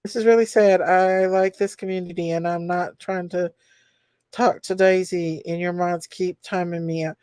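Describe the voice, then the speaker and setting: Smooth-voiced woman chatting on a livestream. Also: on the low side, steady tone, normal speed, a little mellow, no room sound, clean studio sound. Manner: chatty, emotional, greets viewers by name. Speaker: livestream host. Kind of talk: casual livestream chat reading comments.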